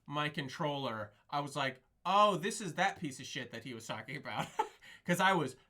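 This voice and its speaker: A man's voice: fairly high pitch, expressive, moderate pace, noisy background. A man co-hosting a podcast, chatting casually and telling rambling stories, laughing often. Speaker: podcast co-host. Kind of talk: casual chat.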